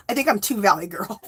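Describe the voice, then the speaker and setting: Bright chatty woman in her fifties. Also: mid-range voice, slightly rough. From US West Coast. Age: 50s. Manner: chatty, greets viewers by name, rambling asides. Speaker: livestream host. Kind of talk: casual livestream chat.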